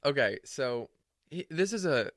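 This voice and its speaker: A man hosts a podcast in a loose, casual chat, playful and quick to poke fun at himself and his guest. His voice sits at a middling pitch for a man. The recording is dry, close and free of room sound. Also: very animated, fairly bright tone, no echo. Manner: playful, self-mocking, teasing. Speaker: podcast host.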